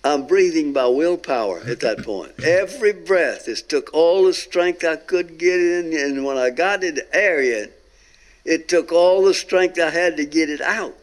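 A man's voice: on the high side, lively intonation, measured pace. A man earnestly tells his testimony as a guest, stretching out emphatic phrases. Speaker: guest telling a near-death experience. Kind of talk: recorded testimony talk.

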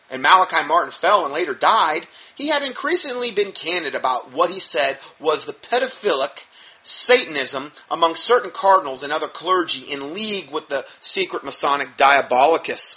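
A man's voice: on the high side, animated, moderate pace, sharp tone. A man reading aloud from an article and breaking in with sarcastic, mocking commentary, often repeating and restarting words.

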